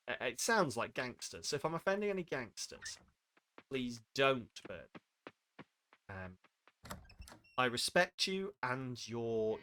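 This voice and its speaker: A man's voice: medium pitch, sharp tone, a little hiss or hum. A man streaming a game with casual, rambling commentary, self-mocking and full of asides.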